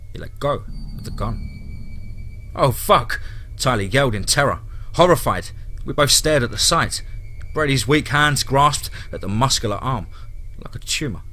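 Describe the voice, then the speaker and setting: Male horror narrator, bright tone, grim dramatic reading. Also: mid-range voice.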